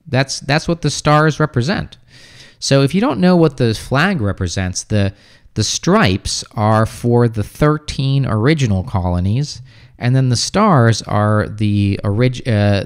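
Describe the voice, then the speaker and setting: An easygoing young American man talks through viewer questions on a livestream, pausing and restarting as he thinks. His voice sits at an ordinary middle pitch, and he speaks loosely and conversationally. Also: clean tone. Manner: relaxed, reads comments aloud then answers with many fillers and restarts. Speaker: livestream host, English teacher. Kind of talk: casual livestream chat answering viewer comments.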